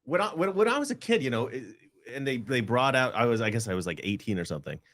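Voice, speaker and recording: A man in his forties co-hosting a casual panel chat, thoughtful and rambling, quick to laugh. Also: mid-range voice, sing-song, a bit bright. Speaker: co-host.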